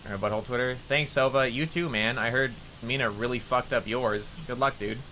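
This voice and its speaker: A man chatting on a gaming livestream in a bright, forward voice. He swears freely and keeps jumping into excitable, high-pitched outbursts. A faint hiss of noise sits under his talk. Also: brisk. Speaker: VTuber streamer. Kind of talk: casual livestream chat while gaming.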